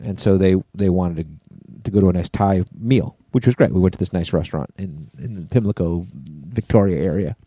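Mellow-voiced man telling rambling stories. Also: low voice, normal speed, hardly any pauses, husky, no room sound. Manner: rambling storyteller with many restarts and profanity. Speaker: podcast co-host. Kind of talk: casual chat.

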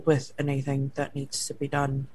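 Casual tabletop player; mid pitch, faint noise. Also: monotone, normal speed, darkish tone. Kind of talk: tabletop role-play.

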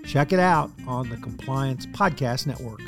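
A man, the podcast's host, reads a scripted outro and promo in a brisk, polished way. His voice sits at a mid pitch. Plucked guitar music plays clearly behind him.

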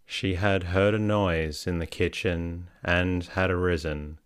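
Deep slow-reading man. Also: clear, resonant tone, no room sound, studio quality. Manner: slow, soothing and even. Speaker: sleep story narrator. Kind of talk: calm bedtime story reading.

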